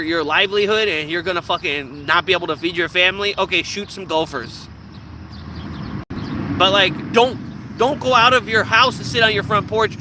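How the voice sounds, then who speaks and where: Man, casual vlog rant, profane and animated, fairly high voice, loud outdoor noise behind. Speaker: vlogger.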